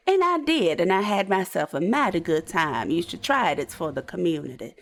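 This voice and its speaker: A shameless, proud frontier woman, voiced by a woman in a roleplay game. She drawls in mannered, old-fashioned phrases with a slightly low voice, unbothered by any talk about her. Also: lively intonation, brisk, fairly bright tone. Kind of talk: live roleplay stream.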